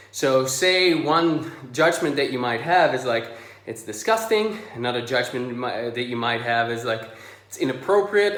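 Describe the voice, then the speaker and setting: A man coaching on camera about social anxiety, a little out of breath, talking in a relaxed, chatty way with many fillers and pauses. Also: mid-range voice. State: slightly out of breath. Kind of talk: direct-to-camera video lesson. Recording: echoey room.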